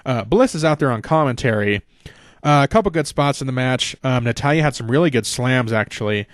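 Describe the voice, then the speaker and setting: A man's voice: medium pitch, animated, fairly quick, no echo. Guy rambling through a podcast recap, swears a lot, lots of ums, dry close sound. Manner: rambling, profane, many fillers. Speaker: podcast host. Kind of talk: casual wrestling recap.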